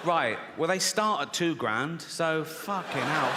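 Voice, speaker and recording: A brash, sweary middle-aged comedian working a live crowd, his voice sitting a little high for a man. He swings into loud rants between asides. The sound carries a long theatre reverb with clear audience noise behind it. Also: animated, takes it slowly, hardly any pauses. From England. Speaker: stand-up comedian. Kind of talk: stand-up comedy set. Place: large theatre stage.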